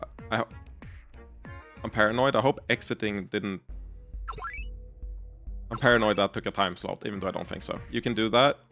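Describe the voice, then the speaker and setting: A man's voice: fairly low pitch, fairly even intonation, moderate pace, pauses often, fairly bright tone, soft background music. A man streaming a game, rambling casually, giggly, with frequent restarts. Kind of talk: casual live-stream commentary.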